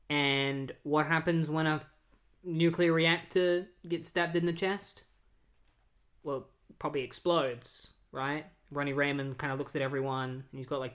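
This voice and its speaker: A man's voice: fairly high pitch, fairly bright tone. Casual man recapping comics, full of fillers. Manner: filler-heavy, loose recap. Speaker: comic book reviewer. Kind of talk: casual retelling of a comic story.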